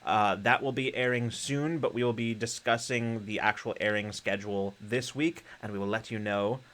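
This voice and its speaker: A man's voice: fairly low pitch, fairly even intonation, moderate pace, fairly bright tone. A man hosting a live-streamed podcast, rambling through announcements with lots of fillers and easy laughter. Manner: rambling with many fillers and restarts; laughs easily. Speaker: podcast host. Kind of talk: casual livestream chat.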